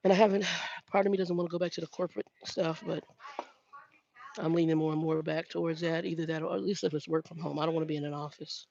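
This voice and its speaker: A woman's voice: sits low, fairly even intonation, quick pace, gravelly, darkish tone. An older woman, a truck driver, chatting casually with viewers in a frank, exasperated way, restarting sentences often. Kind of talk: casual chat with live viewers. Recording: dry, dull lo-fi sound.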